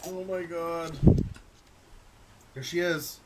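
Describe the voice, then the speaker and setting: A young adult streamer giving live reaction commentary on a video, ranting in exasperation, swearing, and breaking into shouts. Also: mid-range voice, steady tone, takes it slowly, very noisy.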